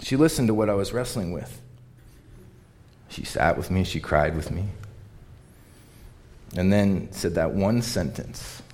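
A man's voice: deep voice, unhurried, pauses often, a little mellow. Earnest male preacher. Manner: earnest, emphatic preaching with repeated phrases. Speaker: pastor. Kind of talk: sermon.

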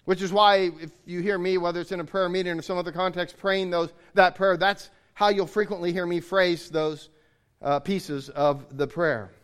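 Guy giving a sermon, kinda high voice, earnest, goes over his points twice. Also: steady tone, moderate pace, fairly bright tone, clear, resonant tone. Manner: earnest, explanatory, restates points. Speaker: preacher.

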